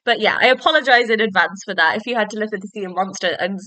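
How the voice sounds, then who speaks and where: A woman's voice: mid-range voice, quick pace, bright, forceful tone, no room sound. A young woman hosting a solo book-review podcast, chatting in a rambling, self-deprecating way with giggly asides. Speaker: podcast host.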